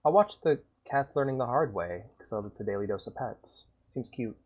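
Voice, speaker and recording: A man chats through a livestream as he reacts to videos. His talk is loose and sweary, with a lively, wide-ranging pitch that jumps from loud outbursts to low muttering. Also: normal speed, breathy edge. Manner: loose and profane, bursts of laughter; animated, swings between loud and muttered. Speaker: streamer.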